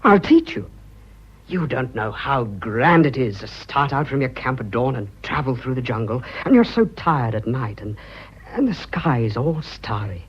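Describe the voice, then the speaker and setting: A flustered young businessman in love, husky, stammery, lively pitch, dull old radio play sound. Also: unhurried. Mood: tender. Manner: stammering, impassioned, clipped upper-class British. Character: young male businessman, earnest, flustered lover. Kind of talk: radio drama acting.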